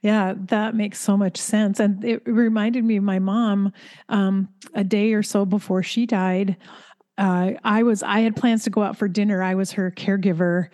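A woman's voice: medium pitch, steady tone, moderate pace, warm tone. A woman in healthcare who was once a caregiver, talking in an earnest, chatty way as she shares stories. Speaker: healthcare professional and former caregiver. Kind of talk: conversational storytelling.

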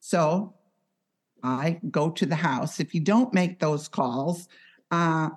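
A woman with a notably low voice talks slowly and deliberately. She works as an on-call hospice healthcare professional and tells stories from her work in a measured, reflective way. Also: slightly rough. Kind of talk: conversational storytelling.

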